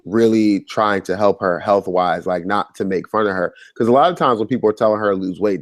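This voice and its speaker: A young man co-hosting a casual chat show, talking with a voice roughened by illness, animated and quick to laugh. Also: deep voice, no room sound, studio quality. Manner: animated, laughs often, reads listener letters aloud. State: sick, rough voice. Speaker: podcast co-host.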